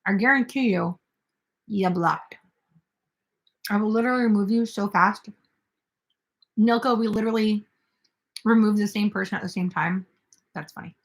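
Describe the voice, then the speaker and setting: Young woman, livestream host, casual chat, reads viewer comments aloud, relaxed. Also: medium pitch, normal speed, pauses often.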